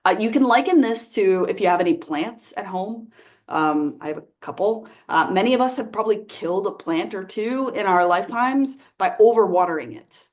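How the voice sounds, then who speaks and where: A woman working as a life coach, giving earnest, gentle advice straight to the viewer and often checking in with "right?". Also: medium pitch, moderate pace, dull audio. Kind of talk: advice talk to camera.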